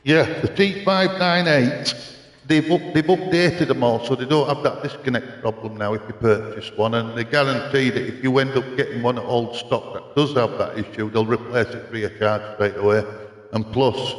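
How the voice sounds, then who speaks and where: A man's voice: medium pitch, normal speed. Older man, roomy echo. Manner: rambling anecdotal storytelling, answering chat. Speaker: livestreamer. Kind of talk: casual live gaming stream chat. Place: home racing-sim rig room.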